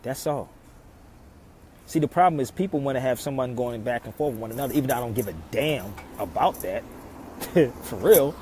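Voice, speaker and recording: Man of average pitch, streaming outdoors, lectures his viewers with rhetorical questions, faint street noise behind. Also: animated, brisk, low-quality recording. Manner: preachy, rhetorical questions, swings loud and soft. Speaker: live stream host. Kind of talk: casual live stream talk, answering viewer comments. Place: outdoors in a city neighborhood.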